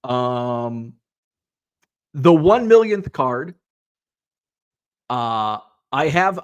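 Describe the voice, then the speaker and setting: Chatty man rambling through a live stream. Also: a little high. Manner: rambling, reads viewer comments aloud with fillers. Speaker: livestream host reading chat. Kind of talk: casual livestream chat.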